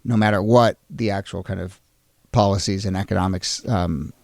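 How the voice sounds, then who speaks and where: A man's voice: deep voice, fairly even intonation, normal speed, gravelly, darkish tone, dry recording, studio quality. A man co-hosting a history podcast, earnest and reflective, stressing key words as he makes his points. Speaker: co-host of a history show. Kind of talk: analytical podcast discussion.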